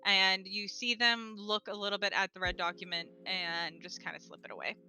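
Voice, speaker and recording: A woman's voice: medium pitch, steady tone, moderate pace, pushed and bright. A woman narrating as game master of a tabletop game, casual and laughing often.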